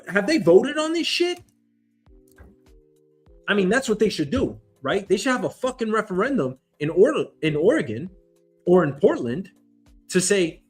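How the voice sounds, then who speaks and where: A man hosting a show, ranting incredulously and swearing a lot in comedic commentary. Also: high voice. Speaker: show host.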